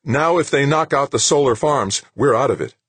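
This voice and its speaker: A deep-voiced man doing a brash, demanding woman. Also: animated, normal speed, slightly rough, no room sound. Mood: urgent. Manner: shouting, demanding. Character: brash, irritable woman in a lunar control center.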